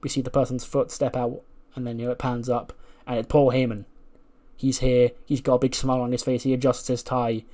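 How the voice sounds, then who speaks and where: Animated man narrating a wrestling sim. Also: mid-range voice, a little fast. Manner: animated storytelling, acting out characters. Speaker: gaming YouTuber. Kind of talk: recounting a wrestling sim playthrough.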